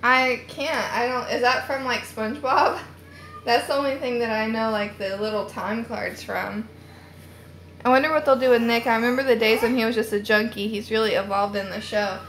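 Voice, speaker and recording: A woman's voice: fairly high pitch, fairly even intonation, moderate pace, a bit bright, a little hiss or hum. A young woman hosting a casual live stream from home on her phone, rambling and chatty with lots of "like" fillers.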